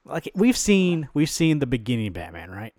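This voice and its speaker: A man chats casually on a podcast, walking through a comic book's plot scene by scene. He acts out the characters' lines in quick quoted bits and drops casual swears. His voice sits at a middle pitch in a dry, close room with no echo. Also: very animated, darkish tone. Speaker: podcast co-host. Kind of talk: casual chat retelling a comic book.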